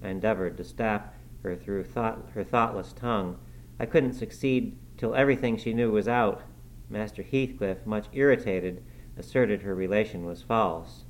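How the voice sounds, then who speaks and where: A man reading a classic novel aloud as audiobook narration, measured storytelling. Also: lowish voice, a little hiss or hum, poor audio. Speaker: audiobook reader. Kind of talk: scripted narration.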